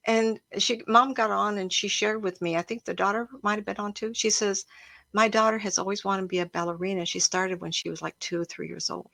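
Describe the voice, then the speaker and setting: A woman's voice: medium pitch, steady tone, a little fast, gravelly, pushed and bright, no echo. A woman hosting a live stream as a psychic. She tells stories in a chatty, emotional way and talks to her viewers directly. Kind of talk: casual storytelling to a live audience. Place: home, a cat jumping around.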